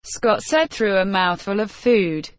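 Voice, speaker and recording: A woman reading a story aloud as narrator, telling it slowly and evenly, with light voices for the characters. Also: mid-range voice, no room sound. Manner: slow, even storytelling with small character voices. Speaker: audiobook narrator. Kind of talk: scripted narration.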